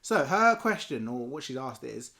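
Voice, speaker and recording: A man, a podcast co-host who reads listener questions in a relaxed, casual chat. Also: mid-range voice, moderate pace, vocal fry.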